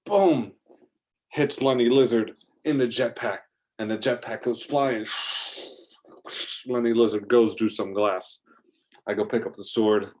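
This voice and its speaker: A man's voice: lowish voice, fairly even intonation, a little slow, pauses often, darkish tone. A man narrating an improvised adventure story, rambling along with fillers and restarts.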